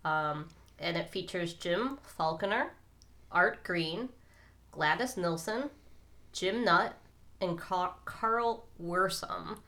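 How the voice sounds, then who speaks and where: Bright-voiced woman getting over a cold. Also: on the low side, slow pace. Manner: chatty, giggly asides. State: recovering from a cold. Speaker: podcast co-host. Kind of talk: casual chat.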